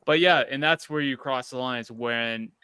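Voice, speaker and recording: A man's voice: medium pitch, unhurried, pushed and bright, clear, resonant tone. A man from Canada hosting a casual podcast, rambling in a heated, profane way. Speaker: podcast host.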